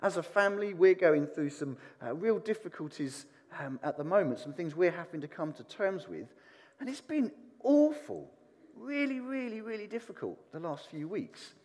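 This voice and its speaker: A man preaching a sermon, animated and putting questions to the congregation. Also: sits high, normal speed, in a large hall. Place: church hall.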